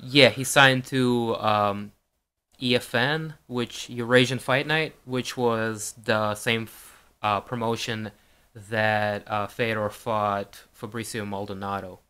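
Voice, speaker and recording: A man co-hosting a casual sports podcast, speaking in a measured, easygoing way. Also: on the low side, fairly even intonation, sharp tone, smooth. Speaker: podcast co-host. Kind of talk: casual chat.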